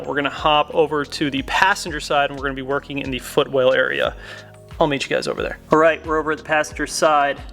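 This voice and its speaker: A man's voice: medium pitch, a bit bright. A man hosting a casual how-to, talking viewers through each step in a chatty, upbeat way. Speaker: car mod tutorial host.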